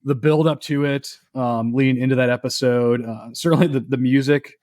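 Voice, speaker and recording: A man's voice: mid-range voice, steady tone, a little fast, a little mellow, no echo. Hesitant man podcast co-host, dry sound. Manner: hesitant, many ums and uhs, earnest. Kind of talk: casual chat.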